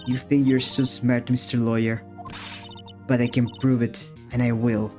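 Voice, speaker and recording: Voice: level tone, unhurried, darkish tone, close to an everyday voice. A streamer voicing a sly, dramatic young woman witness, acting coy and theatrical while reading game dialogue aloud, with faint game music behind. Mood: smug. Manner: coy and theatrical, turning shrill when cornered.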